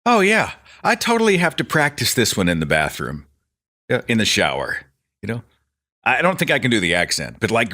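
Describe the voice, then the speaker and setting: A man's voice: mid-range voice, wildly swooping pitch, moderate pace, sharp tone. A man hosting a podcast, telling rambling, self-deprecating stories in a casual stream-of-consciousness monologue. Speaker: podcast host.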